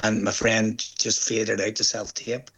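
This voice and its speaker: A man's voice: fairly low pitch, a little slow, husky. An older man with a Northern Irish accent, a stage actor chatting in an interview, telling stories and acting out the voices of the people he quotes. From Northern Ireland. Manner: chatty storyteller, quotes others in lively voices. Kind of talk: casual interview chat.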